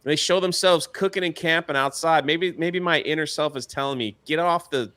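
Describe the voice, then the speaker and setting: A man with a fairly high, bright and forceful voice chats casually as co-host. He rambles, trails off mid-thought and often laughs through his words. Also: a little fast. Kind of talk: casual chat.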